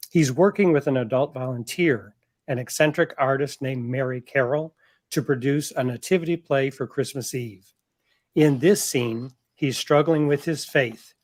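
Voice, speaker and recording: Author guest, man, mid-pitched, earnest and measured reader. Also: no room sound, studio quality. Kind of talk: reading from his novel and chatting.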